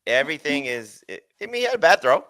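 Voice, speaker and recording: A man giving fantasy football analysis in casual chat, quick and emphatic, restarting his sentences often. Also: a little high, sing-song, fairly bright tone, no room sound.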